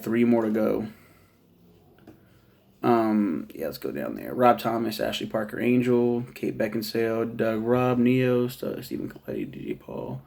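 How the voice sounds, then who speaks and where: A man's voice: mid-range voice, gravelly, a little mellow. A man casually reviewing a TV show in a rambling, profane monologue, laughing at his own jokes.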